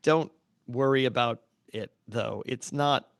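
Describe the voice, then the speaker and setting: A middle-aged man co-hosting a podcast in casual chat, animated, swearing freely and acting out quotes. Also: medium pitch, slow pace, creaky, no echo, studio quality. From United States. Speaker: podcast co-host.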